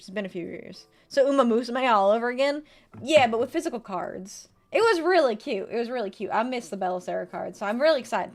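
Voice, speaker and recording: A woman in her twenties chatting casually on a livestream, reading card text aloud and answering her chat. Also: on the high side. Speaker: streamer. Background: faint background music.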